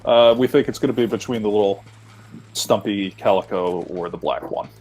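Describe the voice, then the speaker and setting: Man, from South Carolina, low voice, husky, rambling let's play chatter, casual swearing. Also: moderate pace, darkish tone. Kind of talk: casual group commentary.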